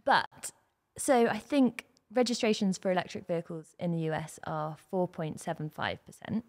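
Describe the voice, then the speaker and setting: A chatty woman with a slightly low voice, co-hosting a relaxed chat around a kitchen table. She talks freely and laughs at herself now and then. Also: moderate pace. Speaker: co-host. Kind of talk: casual chat.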